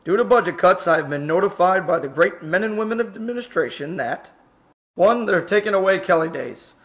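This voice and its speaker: A man's voice: sits high, animated, brisk, fairly bright tone. A man's synthesized voice playing a pompous one-eyed fire station commander who demands respect.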